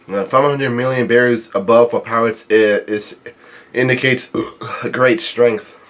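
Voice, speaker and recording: Man rambling through a manga chapter. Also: mid-range voice. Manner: thinks aloud, correcting himself mid-sentence. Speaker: manga reader reacting to a new chapter. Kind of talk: casual read-along commentary.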